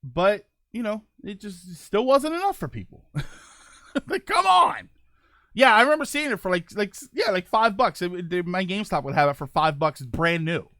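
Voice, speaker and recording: A man's voice: high voice, animated, normal speed, a bit bright, dry recording, studio quality. A young man hosting a casual gaming talk show, rambling with lots of fillers and restarts. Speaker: podcast host.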